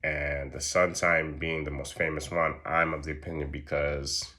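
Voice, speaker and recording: A man's voice: a bass voice, normal speed, hardly any pauses. A man giving a casual astrology chart reading, profane and slangy. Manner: profane, slangy, animated storytelling. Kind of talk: casual solo explainer.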